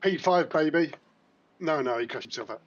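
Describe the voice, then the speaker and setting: A man's voice: a little high, moderate pace, dull audio. A man chatting and laughing with friends over voice chat while gaming, telling funny stories. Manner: laughing, animated storytelling.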